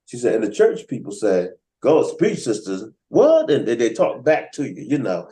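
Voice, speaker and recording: Hosting a writers' workshop via video call, a man with a medium pitch tells stories casually and a little fast. He's lively, acting out the people he quotes. The audio is of poor quality.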